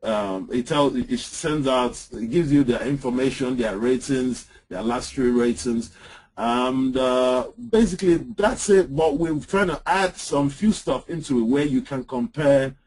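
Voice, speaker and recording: A man presenting software in an online webinar, walking through a screen-share demo with frequent "uh"s and "um"s over a computer mic. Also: medium pitch, measured pace, poor audio. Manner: hesitant, lots of "uh" and "um". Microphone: computer mic on an online call.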